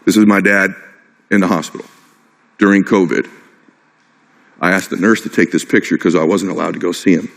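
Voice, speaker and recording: A middle-aged man giving a motivational stage talk, impassioned and personal, driving his point home with short repeated phrases. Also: sits low. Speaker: motivational speaker. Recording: long hall reverb.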